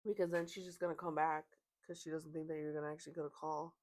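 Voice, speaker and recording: A woman's voice: deep voice, level tone, quick pace, darkish tone. A woman hosting a podcast, casually reading out online stories and chatting about them, with fillers. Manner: conversational, reads posts aloud with laughs and fillers. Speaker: podcast host.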